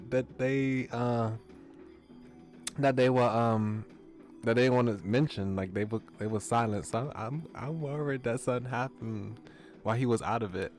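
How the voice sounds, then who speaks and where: A young man streaming, reading and reacting with animated exclamations. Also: medium pitch, normal speed, faint music behind.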